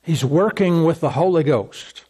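High-voiced emphatic male preacher. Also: expressive, unhurried, dark tone, husky. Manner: emphatic, repetitive preaching with acted quotes. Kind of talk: sermon.

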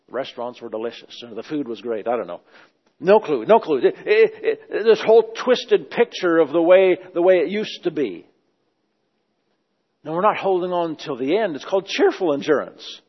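A man's voice: on the high side, lively intonation, normal speed. A man preaching a sermon, emphatic and repeating his phrases as he praises. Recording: dull, echoey hall sound.

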